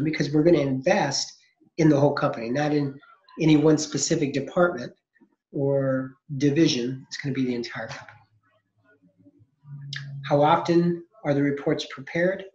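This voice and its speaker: A man's voice: fairly high pitch, normal speed, pauses often, a little mellow. A man teaching an accounting lesson, explaining step by step and posing questions he then answers himself. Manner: explanatory, asks and answers his own questions, frequent restarts. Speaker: accounting instructor. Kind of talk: recorded lecture. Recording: echoey, dull lo-fi recording.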